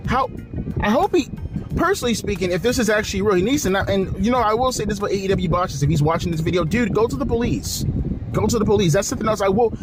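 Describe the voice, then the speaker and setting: A man hosting a video, ranting with exasperation and profanity and repeating himself. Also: high voice. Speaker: wrestling commentary video host. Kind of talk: angry rant vlog.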